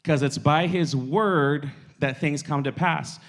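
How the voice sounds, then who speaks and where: A man's voice: on the high side, slow. Casual man preaching to youth. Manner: conversational, full of "like" and repeated phrases.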